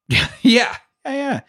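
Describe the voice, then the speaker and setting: A man co-hosting a podcast recaps a film in casual chat, swearing freely, joking, laughing often, and acting out scenes. His voice is very high, pushed, and bright, very animated yet very slow.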